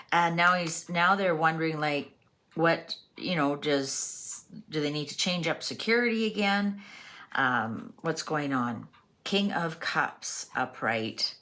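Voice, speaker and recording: A woman with a notably low voice reads tarot cards aloud in a loose, chatty way. She muses as she goes and leans on fillers between the card names. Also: lively intonation, normal speed, a bit bright. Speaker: tarot reader. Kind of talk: casual tarot reading monologue.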